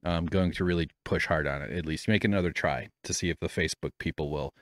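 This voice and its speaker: A man's voice: low-pitched, fast talker, no room sound. A man hosting a podcast from a home studio, talking in a rambling, self-deprecating way and swearing freely. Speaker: podcast host. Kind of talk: casual rambling chat. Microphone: studio microphone with headphones.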